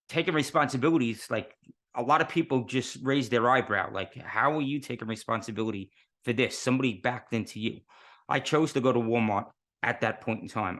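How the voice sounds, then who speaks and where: A man's voice: medium pitch, a bit bright. New guy in his 50s, chatty interview guest, earnest, lots of rhetorical questions. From New York City. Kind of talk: casual interview talk.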